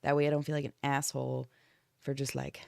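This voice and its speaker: A woman's voice: extremely low pitch, level tone, brisk, vocal fry, darkish tone, no echo. A woman who is sick and congested, co-hosting a true-crime stream in a casual, swearing chat. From Florida. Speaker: podcast co-host. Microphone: streaming desk mic.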